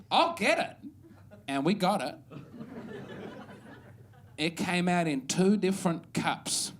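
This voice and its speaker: A man's voice: on the high side, slight background noise. A man from Adelaide with an Australian accent, performing a stand-up comedy set on a club stage, wry and self-deprecating with bursts of mock outrage.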